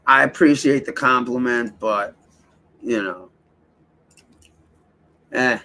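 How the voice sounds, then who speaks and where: A man's voice: mid-range voice, slow, bright, forceful tone. A man hosting a casual livestream, rambling and swearing as he talks straight to his chat. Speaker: livestream host.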